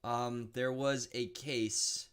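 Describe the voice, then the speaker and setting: Male live-stream host, indignant, blunt, mid-pitched, casual. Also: level tone, drawn-out words, fairly bright tone, smooth. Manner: blunt, indignant, thinks aloud with restarts.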